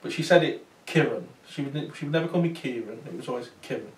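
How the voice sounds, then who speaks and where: A man's voice: on the high side, racing. A man, a paranormal investigator, telling a chatty story to a small audience, with many fillers and restarts. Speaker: paranormal investigator giving a talk. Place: talk venue with small audience. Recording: roomy sound from far off.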